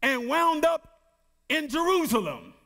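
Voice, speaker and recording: High-voiced preacher, slow and lively. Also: male voice, gravelly. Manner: preaching with call-and-response questions to the congregation; reads scripture slowly with emphasis. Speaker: pastor. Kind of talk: sermon.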